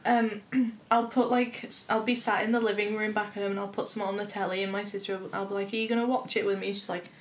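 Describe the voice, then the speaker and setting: A woman's voice: medium pitch, little pitch movement, fast talker, hardly any pauses, echoey room. A young woman with a Northern English accent in a casual chat, telling wry, self-deprecating stories.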